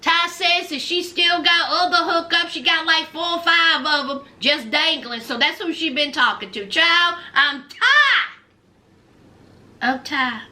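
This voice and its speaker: A woman with a very high, bright voice, recapping reality TV for her viewers. She talks slowly, with a lively, swooping delivery and full of sassy, sarcastic asides. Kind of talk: casual reality show recap commentary.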